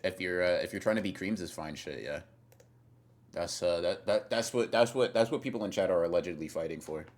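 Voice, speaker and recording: A deep-voiced young man streams live, reading chat and teasing his viewers. His talk is rambling and casual, packed with fillers and repeated words.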